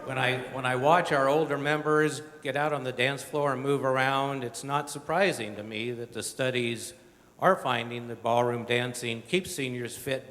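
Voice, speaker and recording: Male club president, earnest address, echoey hall. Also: a bit bright. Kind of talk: prepared speech to an audience. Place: large hall. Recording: echoey hall with faint rumble.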